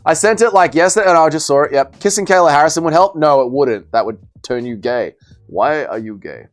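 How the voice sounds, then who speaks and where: A man's voice: on the high side, expressive, fairly quick. A young man hosting a casual livestream, bantering as he reads and answers viewers' chat messages. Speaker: livestream host.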